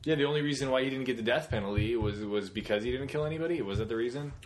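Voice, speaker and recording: A man co-hosting a podcast in relaxed, casual banter, swearing freely as he talks with a friend. His voice sits at an ordinary middle pitch. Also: rapid-fire. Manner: laid-back, swearing, laughing banter. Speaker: podcast co-host. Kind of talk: casual chat.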